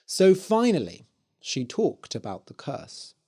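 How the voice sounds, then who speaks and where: Reading a fairy tale for people learning English, the narrator speaks slowly and clearly in a mid-range voice, with plenty of expression in the scripted telling.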